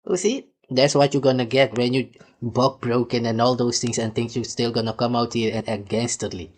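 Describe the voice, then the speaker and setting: Man, ranting commentary, scornful, mocking laughs, mid-pitched voice. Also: moderate pace. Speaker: commentator reacting to a clip.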